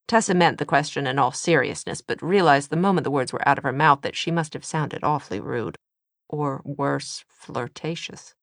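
A woman narrating a novel in an even, measured storytelling manner. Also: deep voice, creaky, no room sound, clean studio sound. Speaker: audiobook narrator.

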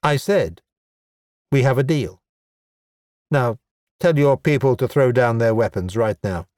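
A man voicing a pompous, helpless High Elf. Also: a little slow, a little mellow, no echo, clean studio sound, lightly acted. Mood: commanding.

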